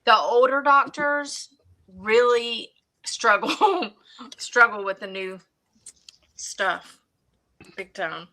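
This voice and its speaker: A woman's voice: on the high side, lively intonation, very slow, long pauses, bright, forceful tone, low-quality recording. A woman, co-hosting a casual chat and laughing often as she tells stories. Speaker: co-host.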